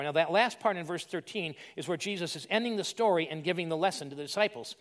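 Pastor guy, kinda high voice, chatty sermon, asks the crowd questions. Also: fast, hardly any pauses, a bit bright. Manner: plain-spoken, conversational preaching with rhetorical questions.

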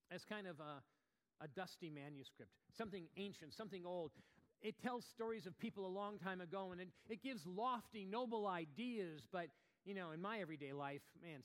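A man preaching a sermon as pastor, talking conversationally with restarts and asides, then rising to emphatic, animated passages. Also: a little high, big-room sound. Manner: animated, rises to emphatic bursts.

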